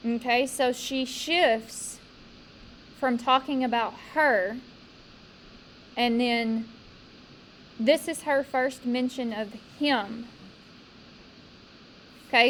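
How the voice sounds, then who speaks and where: A woman teacher leading a poetry discussion with a class, talking slowly and emphatically and asking the students questions. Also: a little high, a little hiss or hum, poor audio.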